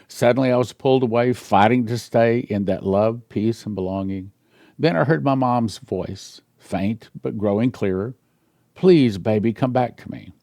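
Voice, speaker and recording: A man in his sixties, a pastor, reading a dream account aloud in a sermon and talking earnestly, growing quiet and emotional over a personal story. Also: medium pitch, moderate pace, no room sound, clean studio sound.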